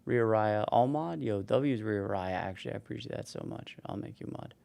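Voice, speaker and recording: A man's voice: on the low side, normal speed, creaky, a little mellow, dry recording. A tired man in his forties, a streamer casually signing off a livestream and rambling as he thanks viewers by name. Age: 40s.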